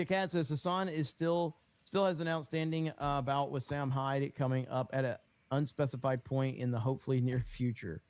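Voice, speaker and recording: A man with a fairly high voice hosting a livestream, reading viewer messages aloud. He answers them in a loud, emphatic, mock-outraged way, as if he has been wronged. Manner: emphatic, mock-indignant ranting; reads viewer comments aloud. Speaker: streamer. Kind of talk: livestream chat reading and banter.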